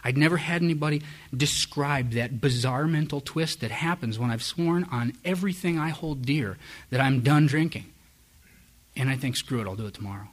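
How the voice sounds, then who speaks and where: A middle-aged man with a mid-range voice talks at a normal pace. His talk is personal testimony: a candid, self-mocking account of his own recovery, delivered frankly to people listening live.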